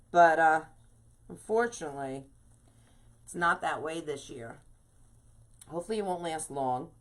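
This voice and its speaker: A woman's voice: mid-range voice, fairly bright tone. A woman from New York hosting a live craft stream, chatting bubbly and casual and greeting viewers by name.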